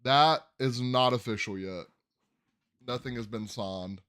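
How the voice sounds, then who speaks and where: A man with a smooth, resonant voice hosts a laid-back sports podcast. He rambles cheerfully and stumbles over tricky names, restarting them mid-word. His pitch sits in an ordinary middle range. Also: a little slow, a bit bright. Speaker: podcast host. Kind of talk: casual sports chat.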